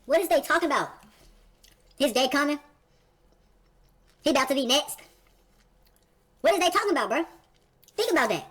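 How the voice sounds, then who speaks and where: A woman's voice: high voice, very animated, normal speed, long pauses, a bit bright. A woman hosting a reaction video, talking emphatically in casual slang and asking rhetorical questions.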